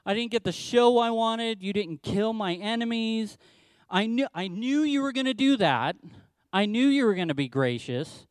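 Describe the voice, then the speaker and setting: A man playing an indignant prophet, pitched up and grumbling, petulant and theatrical. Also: animated, moderate pace, clean tone, no echo. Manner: whiny, exasperated complaining. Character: indignant grudging male prophet, sulky and theatrical.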